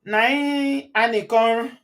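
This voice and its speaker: A woman's voice: on the high side, steady tone, slow pace. A woman from Nigeria with a Nigerian accent, hosting a live commentary. She reads viewer comments aloud, chats freely, switches into Pidgin and Yoruba and laughs often. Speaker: channel host.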